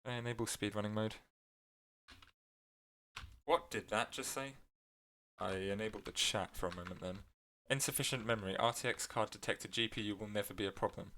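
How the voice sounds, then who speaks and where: A man's voice: lowish voice, brisk, bright, forceful tone, slight background noise. A man giving casual gameplay commentary, rambling with many fillers and self-corrections, his voice cracking now and then. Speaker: gameplay video creator.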